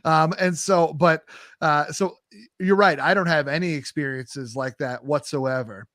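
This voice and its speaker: A man's voice: fairly high pitch, a little slow, no echo. New York man hosting, dry close mic. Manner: animated, laughs easily, does playful impressions. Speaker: podcast host. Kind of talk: casual conversational interview.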